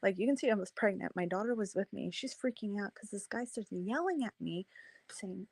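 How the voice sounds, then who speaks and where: A woman tells a personal story in a casual debate. She talks in an animated way, acting out other people's voices. The sound is close and dry. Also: mid-range voice, a little fast, breathy edge, no echo, poor audio. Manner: animated, acts out quoted voices. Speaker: debate participant.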